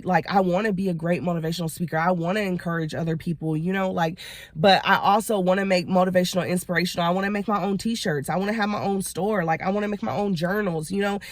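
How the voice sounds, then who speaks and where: A woman's voice: lowish voice, no echo, studio quality. A woman talking from inside her car in a casual motivational vlog, earnest and rambling, often saying "you know what I'm saying.". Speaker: motivational vlogger.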